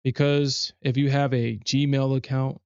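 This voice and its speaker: Man, gravelly voice, rambling casual livestream chat, dull lo-fi sound. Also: mid-range voice, flat delivery, unhurried, a little mellow, no room sound. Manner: rambling, many restarts and self-corrections. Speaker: livestream trader host.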